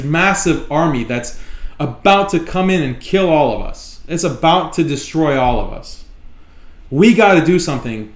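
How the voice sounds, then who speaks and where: A man's voice: a little high, roomy sound. A man hosting a live online talk show, speaking emphatically and repeating his points for stress. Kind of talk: live solo commentary.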